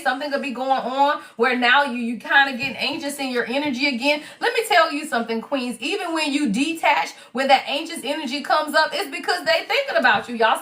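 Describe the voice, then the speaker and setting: A woman's voice: sits high, sharp tone. A woman giving a casual live tarot reading, blunt and profane, laughing often and calling her viewers y'all. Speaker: tarot reader.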